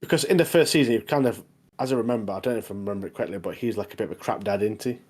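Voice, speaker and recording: A man's voice: on the low side, racing, darkish tone, husky. A man co-hosting a podcast, recapping in a loose, rambling way with many tag questions. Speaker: podcast co-host. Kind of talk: casual chat.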